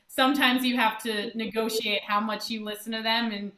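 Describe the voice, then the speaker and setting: A woman's voice: on the high side, steady tone, moderate pace, pushed and bright. A woman performer talking thoughtfully and with animation over a video call. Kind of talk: casual chat on a video call. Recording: echoey room.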